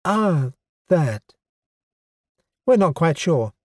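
Proud, eager goblin science officer, voiced by a male narrator; higher, excitable storybook voice, dry booth. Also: drawn-out words, no room sound, heavily acted. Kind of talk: audiobook character voice.

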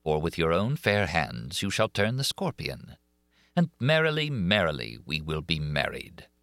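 A man voicing a cold, deliberate masked phantom who taunts calmly. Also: deep voice, creaky, no room sound, studio quality, heavily acted. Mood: coldly menacing.

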